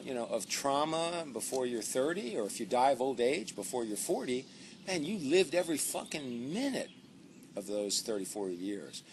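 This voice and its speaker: A man's voice: medium pitch, slight background noise. A man, an author, delivering a profane, sarcastic comic rant about his book, swearing constantly.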